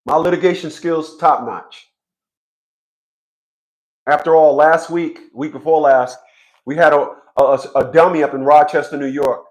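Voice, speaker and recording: A man telling a court story in an animated monologue, mocking, with loud outbursts and low asides, acting out other people's lines. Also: unhurried, pauses often. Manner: acts out other people's voices in quotes. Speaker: family court advocate.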